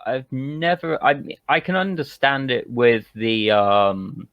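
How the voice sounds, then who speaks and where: A British man answering interview questions in a thoughtful, hesitant way, often pausing to find his words. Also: mid-range voice, fairly even intonation, dry recording, dull audio. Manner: thoughtful, hesitant, many ums and restarts. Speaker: interview guest. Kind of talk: casual online interview chat.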